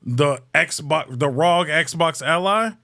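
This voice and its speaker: A man hosts a casual comedy podcast with a bright, slightly high voice. He rants loosely, swears freely, and jokes along the way. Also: takes it slowly, gravelly. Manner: loose, profane, joking rants. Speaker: podcast host.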